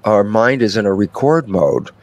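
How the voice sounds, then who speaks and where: A man's voice: lowish voice, normal speed, dry recording. Older guy on an interview, talks on and on, acts out both sides of a chat, dry close sound. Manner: animated storytelling, acts out dialogue with himself. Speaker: interview guest. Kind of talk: expansive conversational explanation.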